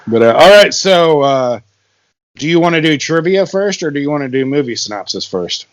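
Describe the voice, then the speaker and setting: A man's voice: fairly high pitch, lively intonation, moderate pace. A man co-hosting a comedy podcast, rambling and laughing often, with crude jokes. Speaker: podcast co-host. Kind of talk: casual comedic podcast chat.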